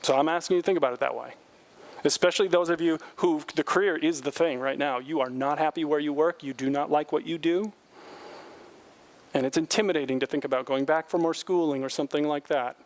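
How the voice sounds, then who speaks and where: A man's voice: fairly high pitch, brisk. A man preaching a sermon as a pastor, emphatic, repeating key phrases and asking the congregation rhetorical questions.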